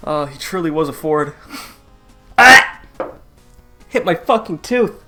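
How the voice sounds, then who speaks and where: A man delivers a profane comedy rant, his voice sitting a bit high for a man. He laughs at his own jokes and bursts into loud, mocking quoted voices, with faint music playing underneath. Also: lively intonation, measured pace. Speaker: comedy commentary host. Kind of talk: crude casual comedic rant.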